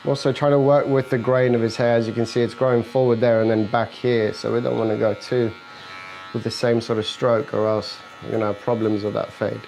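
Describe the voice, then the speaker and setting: A barber talking a viewer through a fade haircut while he works. He is a man with a medium-pitched voice, explaining each clipper guard and angle in plain words. He keeps up easy joking banter with his client in the chair, and a faint electric-clipper buzz runs underneath. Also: little pitch movement, fairly quick, gravelly, darkish tone, a little hiss or hum, poor audio. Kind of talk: hair-cutting tutorial narration with client chat. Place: barbershop, indoors.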